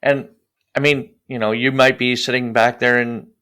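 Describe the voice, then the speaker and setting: A man hosts a podcast in a relaxed, encouraging tone. He talks straight to the listeners in a casual, conversational way. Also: medium pitch, moderate pace, smooth. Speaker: podcast host. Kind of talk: casual interview chat.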